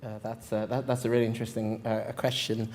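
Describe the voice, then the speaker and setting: A man moderating a conference panel, speaking haltingly with many fillers and repeated words. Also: on the low side, level tone, a little mellow.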